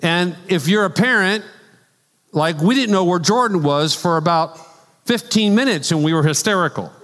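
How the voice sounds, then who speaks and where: A man's voice: high-pitched, normal speed. A man preaching a conversational sermon as a pastor, telling stories with casual asides. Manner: animated storytelling with asides and laughs. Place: church sanctuary. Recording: long church hall reverb.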